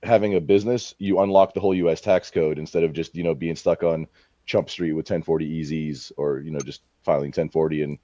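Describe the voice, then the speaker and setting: Deep, dark-voiced blunt man on a call. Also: steady tone, fairly quick. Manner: blunt, confident about tax tips. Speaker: panelist. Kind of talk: casual online panel chat. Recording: dull lo-fi call audio.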